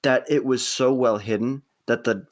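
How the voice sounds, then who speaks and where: A man's voice: mid-range voice, steady tone, moderate pace. A man co-hosting a podcast, talking casually and laughing as he goes. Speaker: podcast co-host. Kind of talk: casual chat.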